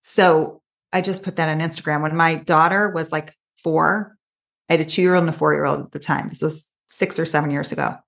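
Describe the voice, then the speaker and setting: A woman coach talks in a casual interview, her voice sitting a little low. She tells stories in an animated, quick way, full of asides. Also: creaky. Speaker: coach, podcast guest.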